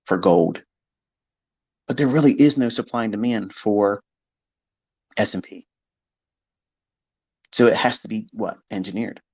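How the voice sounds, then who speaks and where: A man's voice: on the low side, creaky, slightly rough, dry recording. A man giving a blunt, profane, combative monologue about trading, mimicking his critics along the way. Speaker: trading educator. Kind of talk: unscripted monologue lecture.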